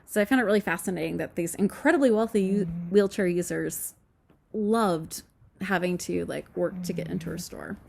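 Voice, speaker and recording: Middle-aged woman host, casual snarky storyteller, creaky voice. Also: on the low side, normal speed, darkish tone. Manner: snarky, candid, laughs often. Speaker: podcast host.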